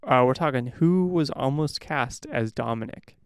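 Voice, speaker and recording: Gravelly-voiced podcast host, chatty. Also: medium pitch, moderate pace, no echo, clean studio sound. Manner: chatty, leads the segment, firm opinions. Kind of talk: casual movie review chat.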